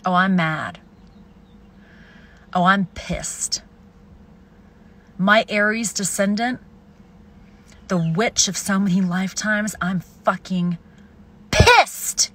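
A young woman ranting furiously and profanely at the camera, swinging between shouts and hushed hisses. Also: mid-range voice, steady tone, slow pace, long pauses. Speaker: video poster. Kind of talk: angry self-filmed rant.

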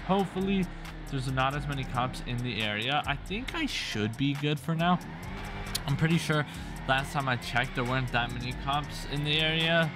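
A young man giving excitable gameplay commentary, full of exclamations and constant "bro". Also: mid-range voice, normal speed. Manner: hyped, says "bro" constantly, frequent exclamations. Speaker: gaming YouTuber. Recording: music playing underneath. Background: game sounds and music.

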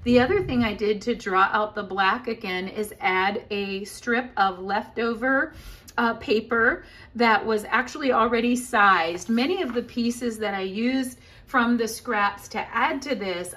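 A woman's voice: on the high side, unhurried, a bit bright. Chatty woman showing a craft project. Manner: chatty, upbeat, many fillers. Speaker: scrapbooking demonstrator. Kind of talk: casual crafting tutorial.

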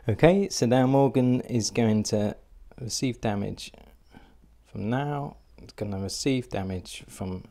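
Slow, gravelly-voiced man talking through a solo board game, hesitant. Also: mid-range voice, mellow. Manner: thinking aloud, hesitant with fillers.

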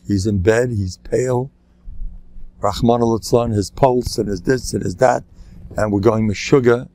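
A man's voice: lowish voice, gravelly, mellow. An older man, a rabbi, telling anecdotes in a lecture, laughing at his own jokes and acting out the voices of people in his stories. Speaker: rabbi giving a talk.

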